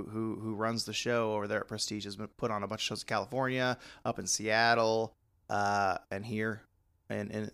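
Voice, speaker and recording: A man co-hosting a podcast in casual, rambling chat, often breaking into high laughs. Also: gravelly, fairly bright tone. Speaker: podcast co-host.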